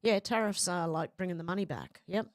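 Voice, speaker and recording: A woman with a lowish voice speaks fairly quickly while hosting a casual livestream, reading viewer comments aloud and firing back frank, sweary banter. The sound is clean studio quality with no room echo.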